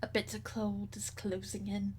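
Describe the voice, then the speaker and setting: A woman voicing a humble wanderer who pleads for shelter in a hushed, whispery voice. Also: medium pitch, monotone, moderate pace, a little hiss or hum, close to an everyday voice. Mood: pleading.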